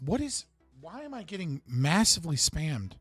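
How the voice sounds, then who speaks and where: A male live-stream host talking to his chat in a blunt, profane, laughing way. His voice sits a little on the high side. Faint music runs under him as he reacts from his desk. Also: sing-song, normal speed, a bit bright, breathy edge, no echo.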